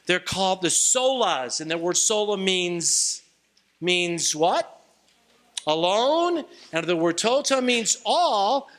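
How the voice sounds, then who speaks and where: Middle aged guy preaching to kids, high voice swinging all over, goofy and joking. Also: expressive, takes it slowly, fairly bright tone. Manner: playful, jokey, leads call-and-response. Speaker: retreat speaker. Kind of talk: lively youth sermon.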